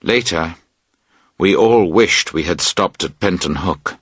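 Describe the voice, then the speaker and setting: A man narrating a graded-reader story aloud, expressive and putting on voices. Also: sits low, takes it slowly, breathy edge, no echo, studio quality. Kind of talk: audiobook reading of a graded reader.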